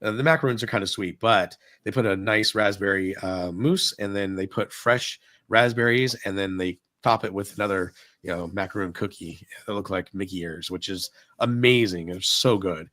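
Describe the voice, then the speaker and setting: A middle-aged man with a fairly low voice tells a long story on a live podcast in a casual way. He acts out each exchange, and his voice jumps up whenever he quotes someone. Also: normal speed, few pauses, no echo. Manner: animated retelling, acting out dialogue. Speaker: podcast co-host telling a park story.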